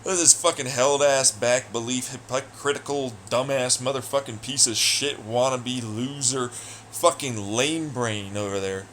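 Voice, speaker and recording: A man ranting alone in an audio blog, profane, taunting and hostile, swinging between loud jeers and low muttering. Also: unhurried, a little hiss or hum. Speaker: audio blogger. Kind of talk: angry solo rant.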